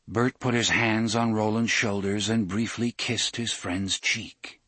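A man narrating a novel in a steady, measured storytelling manner. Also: on the low side, slightly rough, no echo. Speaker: audiobook narrator. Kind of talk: scripted narration.

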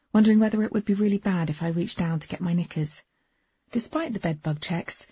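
Husky woman reading a novel. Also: on the low side, mellow, no room sound. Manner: intimate, wry storytelling. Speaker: audiobook narrator. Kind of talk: first-person novel narration. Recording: dull, dry lo-fi recording.

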